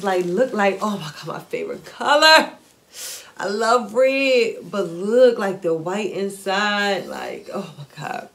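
A woman vlogger chatting excitedly through a shopping haul, gushing and repeating herself with delight. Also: medium pitch, a little hiss or hum. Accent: Philadelphia-area African American English. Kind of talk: excited haul video chat.

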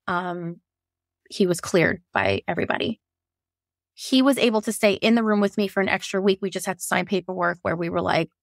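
A woman guest frankly shares the painful story of giving birth, getting emotional yet laughing through the hard moments. Her voice is lowish and creaky, recorded with clean studio sound and no room ambience.

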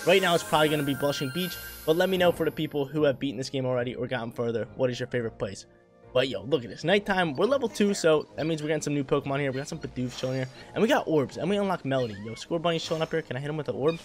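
A young man giving casual, excitable gameplay commentary full of slang, talking to the creatures on screen. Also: on the high side, very fast, faint music behind. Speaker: gaming channel host.

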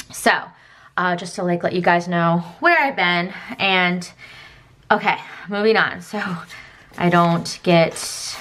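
Young woman rambling thru her planner, lotsa ums, bright forceful voice, kinda low. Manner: chatty, rambling, many fillers and self-asides. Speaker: planner vlogger. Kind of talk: casual chat while planning.

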